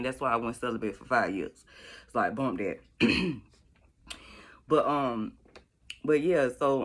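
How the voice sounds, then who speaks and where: A middle-aged woman from Florida, rambling through a casual story as a vlogger, drawing words out slowly for effect. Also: rumbling low, fairly bright tone. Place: at home doing makeup.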